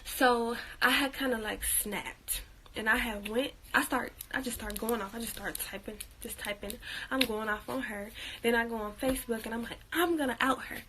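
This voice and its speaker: A woman's voice: on the high side, fairly even intonation, normal speed, bright, forceful tone, a little hiss or hum, low-quality recording. A young woman vlogging at home in a casual chat, with lots of fillers and frequent laughs, talking while she works on a craft. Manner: chatty, laughs often, many fillers.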